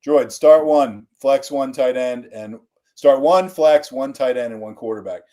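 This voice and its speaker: A man's voice: mid-range voice, measured pace, warm tone. A man co-hosting a casual fantasy football chat, reading listener questions with dry humor.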